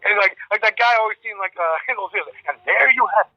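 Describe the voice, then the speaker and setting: A man's voice: sits high, fast talker, no room sound, lo-fi sound. A man, a rock guitarist guest in a casual phone interview, rambling and swearing as he tells stories and laughs often.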